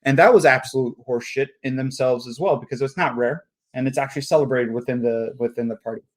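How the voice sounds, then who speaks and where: A man's voice: mid-range voice, quick pace. Blunt joking male co-host. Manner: blunt, crude jokes, repeats words. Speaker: podcast co-host. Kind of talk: casual political chat.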